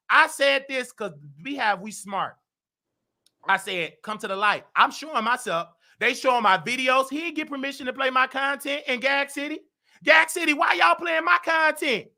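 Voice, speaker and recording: Brash, high-voiced trash-talking man. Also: gravelly. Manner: brash, rapid, trash-talking, shouts often. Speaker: host. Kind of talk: loud gossip commentary.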